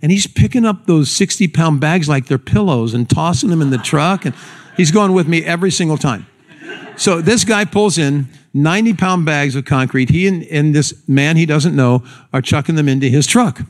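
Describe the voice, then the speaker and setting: A pastor preaches a sermon to his congregation, telling a folksy story. When he reaches the solemn points, he slows down and goes low and quiet.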